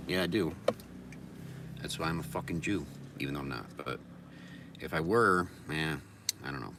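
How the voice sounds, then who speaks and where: A man's voice: sits low, moderate pace, distant mic, noisy background. A man talking in a casual livestream monologue, rambling, blunt and full of swearing, circling back to repeated mantras. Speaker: livestream host.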